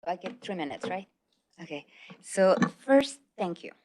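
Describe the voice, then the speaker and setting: A woman's voice: lowish voice, sing-song, unhurried, noisy background. Middle-aged woman, non-native English speaker, public commenter; emphatic, earnest delivery. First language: not English. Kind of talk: public comment at a school board meeting. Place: meeting hall.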